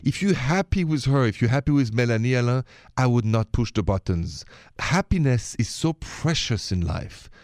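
A man with a French accent hosting a radio relationship advice show, giving earnest, gently persuasive advice to listeners and callers. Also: medium pitch, dry recording, clean studio sound. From France. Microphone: studio microphone.

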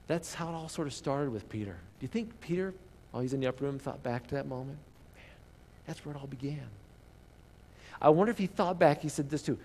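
A man preaching a sermon as pastor, telling the story with animated emphasis, dropping to hushed asides and asking the congregation rhetorical questions. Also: a little high, a little fast, in a large hall.

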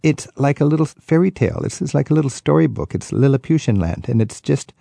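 A man's voice: medium pitch, lively intonation, quick pace, vocal fry, warm tone, dry recording. A man hosting a radio talk show, chatty and enthusiastic as he interviews a guest and riffs with vivid anecdotes.

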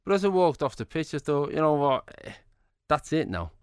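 A man, a comedian telling jokey, animated stories as an interview guest. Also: fairly high pitch, a little fast, smooth, no room sound, studio quality. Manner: jokey, animated anecdotes with acted-out quotes. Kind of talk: casual storytelling interview.

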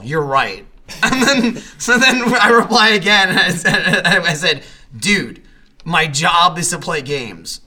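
Podcast co-host: man, high bright voice, laughing storyteller, swears. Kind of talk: casual chat.

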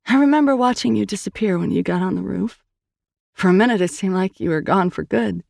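A woman's voice: medium pitch, fairly quick, creaky, a little mellow, dry recording, clean studio sound. A woman narrator voicing an earnest young woman who urgently reassures her brother.

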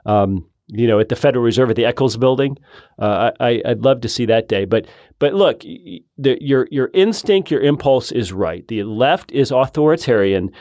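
A man's voice: medium pitch, expressive, moderate pace, a little mellow, dry recording. A male guest in casual political talk. He makes his points in short, emphatic bursts and often restarts his sentences. The recording is dry and close.

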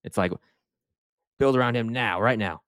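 A man's voice: mid-range voice, normal speed, a bit bright, dry recording, clean studio sound. A man hosting a casual sports podcast, talking animatedly and restarting sentences as he sets up topics. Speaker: podcast host.

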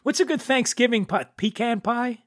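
A man's voice: extremely high pitch, moderate pace, a bit bright, no room sound. Philly guy hosting a whiskey chat, jokey, trips over his words a bit, dry mic. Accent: Philadelphia. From Philadelphia. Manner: chatty, joking, many restarts. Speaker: podcast host. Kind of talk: casual whiskey tasting chat.

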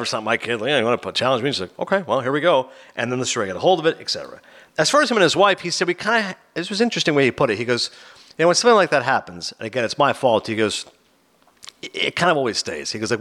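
Fast-talking male podcast host. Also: mid-range voice. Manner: animated retelling with quoted voices. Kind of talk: casual review of a documentary.

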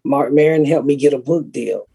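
A raspy middle-aged woman, a comedian hosting a podcast and telling blunt, profane stories. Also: extremely low pitch, normal speed, dark tone, dry recording. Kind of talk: casual podcast chat.

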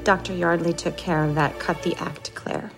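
An actress playing a cold, scheming woman who confronts her sister with calm menace in a film drama. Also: lowish voice, moderate pace, creaky, over music. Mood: coldly menacing.

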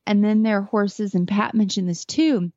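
A woman's voice: mid-range voice, steady tone, moderate pace, mellow, dry recording, dull audio. A woman talking casually as a podcast guest, earnest and chatty about horses she trains. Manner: earnest, chatty, tearing up at moments.

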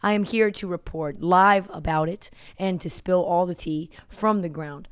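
A woman with a hoarse, worn-out voice hosting a sports podcast, chatting casually and joking at her own expense. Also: on the low side, unhurried, dry recording, studio quality. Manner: chatty, self-mocking, reporter's banter. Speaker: podcast host. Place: on location.

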